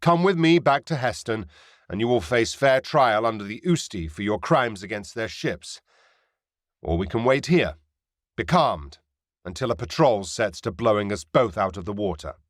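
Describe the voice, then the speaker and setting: A young privateer captain, read by a male narrator delivers firm, formal terms in an even, natural voice. The sound is dry and close. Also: fairly low pitch, normal speed, no room sound, lightly acted. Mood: stern. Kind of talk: audiobook character voice.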